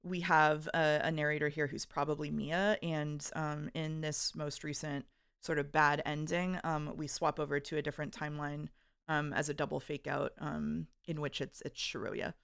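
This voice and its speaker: Low, gravelly woman streamer, dry sound. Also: little pitch movement, fairly bright tone, no room sound. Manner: recaps slowly, full of ums and uhs. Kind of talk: casual chat.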